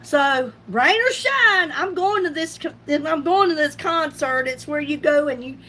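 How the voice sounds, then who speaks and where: Her voice is high and sharp, with lively intonation and a measured pace. This middle-aged beauty livestream host chats casually about makeup, laughing a lot and calling out viewers by name.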